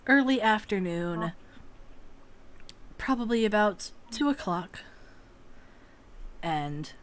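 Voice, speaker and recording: A woman with a low voice runs a tabletop game over a home mic. She narrates casually and swears freely. A faint hiss lies under her voice. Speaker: game master.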